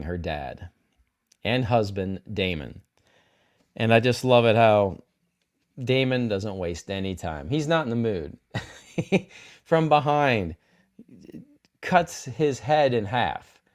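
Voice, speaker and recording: A man with a slightly low voice talks through a TV episode in a loose, unscripted way. He keeps circling back with fillers and restarts, but his enthusiasm carries through. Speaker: show host. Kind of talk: casual spoiler talk about a TV episode.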